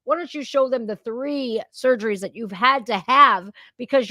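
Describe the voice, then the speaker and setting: A woman's voice: fairly high pitch, normal speed, sharp tone, no room sound. A woman hosting her own show, ranting in a casual, fired-up way with plenty of swearing. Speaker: host. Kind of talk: casual reaction talk. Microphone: remote streaming setup.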